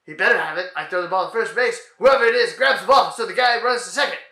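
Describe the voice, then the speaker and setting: A man voicing an excitable, flustered man who shouts in exasperation while trying to learn the players' names, in a comedy dialogue reading. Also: high voice, echoey room. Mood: exasperated. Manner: shouting, exasperated, rapid-fire.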